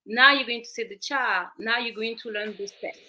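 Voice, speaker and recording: French-accented woman, parenting coach guest; higher, bright tone, earnest, explanatory, restarts words. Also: moderate pace. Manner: earnest, explanatory, repeats words when searching. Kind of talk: talk show interview.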